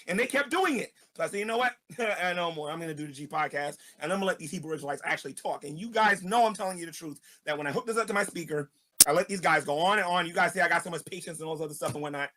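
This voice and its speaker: A man's voice: sits high, fairly bright tone. A man, a street evangelist, delivering an angry ranting video monologue, repeating himself and stammering as he goes.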